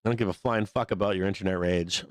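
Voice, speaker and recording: A man's voice: low-pitched, fairly even intonation, quick pace, clean tone, dry recording. Profane, rambling male stream host. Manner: profane, rambling, laughs often. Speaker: livestream host. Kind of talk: casual rant on a live show.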